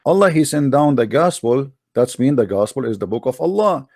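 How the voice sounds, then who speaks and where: A man's voice: medium pitch, animated, fairly quick, a little mellow, no echo, clean studio sound. A man hosting a heated religious debate, arguing insistently in broken English. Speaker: host debating a caller.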